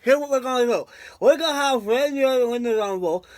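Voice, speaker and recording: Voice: sits high, fast talker, natural voice. A video reviewer doing a mocking impression of a scheming, bossy TV executive.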